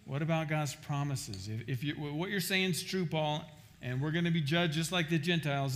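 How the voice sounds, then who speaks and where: A man preaching a sermon as pastor, emphatic, often restarting and repeating words. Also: on the high side.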